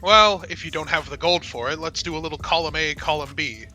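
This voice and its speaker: A man's voice: on the high side, brisk, sharp tone, soft background music. A man playing a tabletop game, laid-back and joking as he talks to the game master. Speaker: player. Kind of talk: casual tabletop play.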